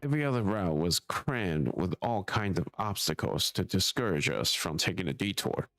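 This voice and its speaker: A man's voice: low-pitched, expressive, moderate pace, fairly bright tone, no room sound. A young man live-streaming a video game, chatting casually and reading the story's dialogue aloud, swearing offhandedly at his own slip-ups.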